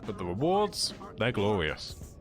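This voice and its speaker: Game music plays under this casual live-stream commentary from a young adult British man. His fairly low voice swings hugely in pitch at a measured pace as he jokes lazily through a speedrun and explains his tricks along the way.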